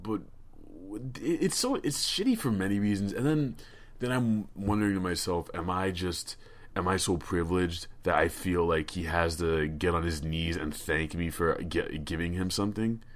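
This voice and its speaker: Guy w a lowish voice telling a story on a podcast, swears a lot, keeps restarting. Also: normal speed. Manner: rambling, profane, stammering restarts. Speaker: podcast co-host. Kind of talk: casual storytelling chat.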